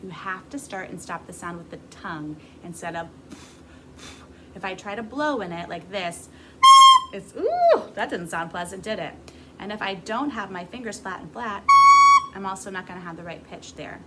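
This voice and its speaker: A woman's voice: lowish voice, moderate pace, heavy background noise. A grown woman teaching a beginner music class to camera, patient and encouraging as she demonstrates. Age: adult.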